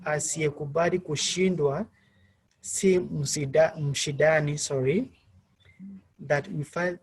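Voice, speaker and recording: A man's voice: a little high, breathy edge, low-quality recording. A man teaching an online class, calling on students by name and asking them questions. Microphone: video call.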